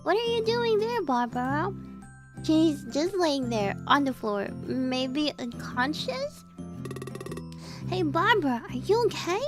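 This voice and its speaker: A woman's voice: high-pitched, sing-song, takes it slowly. A woman streamer reading a visual novel aloud and chatting with viewers, bubbly and giggly, with cutesy playful exclamations. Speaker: VTuber streamer. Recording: game music playing behind. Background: game background music.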